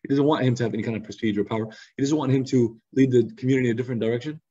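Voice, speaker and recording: Homem de fala rápida e rouca. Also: male voice, mid-range voice, rapid-fire, husky. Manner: lively, conversational, acts out quotes. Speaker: youth study circle teacher. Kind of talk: casual storytelling lesson. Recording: slightly muffled lo-fi recording.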